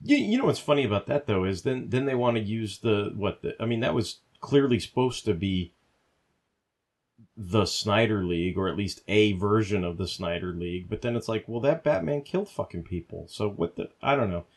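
A podcast co-host with a fairly low, lively voice rants heatedly at a moderate pace. He swears constantly and keeps restarting his sentences in this profane, casual talk.

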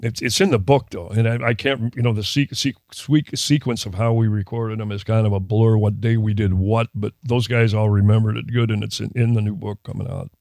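A man's voice: lowish voice, fairly even intonation, brisk, vocal fry, few pauses, a little mellow, no echo. Older guy from minnesota rambling through a story, keeps restarting, dry close sound. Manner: rambling, self-interrupting anecdotes with laughs. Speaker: guest musician. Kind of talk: casual storytelling interview.

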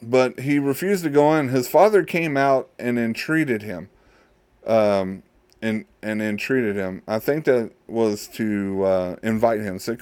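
A man hosting a show who casually retells a Bible story, halting and repeating his words. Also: medium pitch, darkish tone, clean tone, dry recording. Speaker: host.

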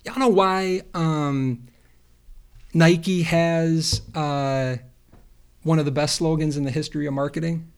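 A man hosting a casual conversation, talking in an animated, rambling way with playful asides. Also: on the high side, takes it slowly, clean tone. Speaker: podcast host.

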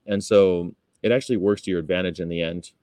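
A man's voice: steady tone, quick pace, dark tone, no echo, clean studio sound. A man casually chatting on a livestream, rambling, laughing often and reading things aloud. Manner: mock-sweet high voice for quoted politeness. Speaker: vegan activist livestreamer. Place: Chicago.

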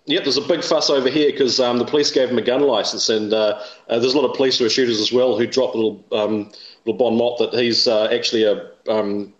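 Fast-talking New man, roomy lo-fi. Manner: rapid and animated, mimics others in high voices. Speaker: interview guest. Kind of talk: casual, opinionated interview talk. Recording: roomy, dull lo-fi sound.

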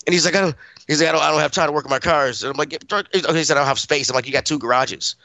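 A man co-hosting a podcast, telling a profane, animated story and laughing as he goes. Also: a little high, rapid-fire, no room sound. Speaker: podcast co-host. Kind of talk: casual storytelling.

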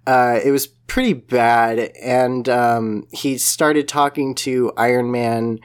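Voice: mid-range voice, fairly even intonation, takes it slowly, clean tone. A podcast co-host in casual chat who laughs often and agrees a lot. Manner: giggly, agreeable, lots of "yeah".

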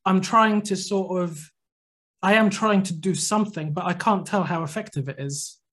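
A podcast co-host tells a long anecdote in casual storytelling chat, acting out what people said with animated energy. His voice is high and he speaks at normal speed.

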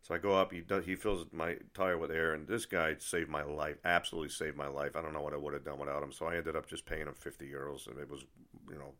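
Deep-voiced guy rambling thru a rant, lots of restarts, gets worked up. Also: fast talker. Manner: rambling, animated, many restarts and asides. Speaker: vlogger. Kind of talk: casual storytelling rant.

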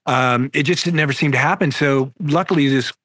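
A man's voice: medium pitch, normal speed, fairly bright tone, no echo. Laid-back middle-aged male rock singer. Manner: laid-back, candid storyteller. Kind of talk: casual interview over video call. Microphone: video call.

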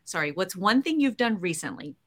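A woman hosting a podcast and chatting casually with a guest, bubbly and quick to laugh. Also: mid-range voice, big pitch swings, a bit bright. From Boston area. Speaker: podcast host. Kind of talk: casual interview chat.

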